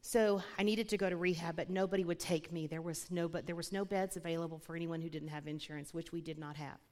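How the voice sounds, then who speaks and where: A woman telling a personal faith testimony, animated and quick to laugh, talking straight to the listeners. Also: lowish voice. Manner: animated storyteller who laughs often and addresses listeners as y'all. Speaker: guest speaker sharing a testimony. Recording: long hall reverb.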